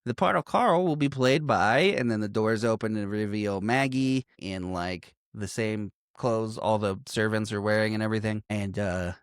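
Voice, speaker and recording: A man's voice: fairly low pitch, moderate pace, few pauses, smooth, dry recording, clean studio sound. A man co-hosting a casual movie podcast, recapping scenes with a lot of swearing and bursts of acted-out quotes. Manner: animated, swearing, acts out quotes in jumpy voices. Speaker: podcast co-host.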